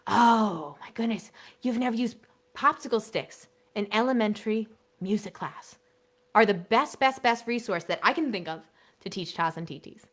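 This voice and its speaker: A woman teaching an online workshop for elementary music teachers, chatty and energetic, sometimes singing short songs to demonstrate. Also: mid-range voice, normal speed.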